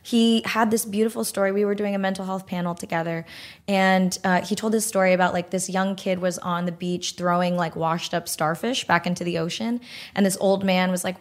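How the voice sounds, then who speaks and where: A young woman speaking as a guest in an interview, candid and earnest, with animated storytelling and frequent "like". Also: on the low side, fairly quick.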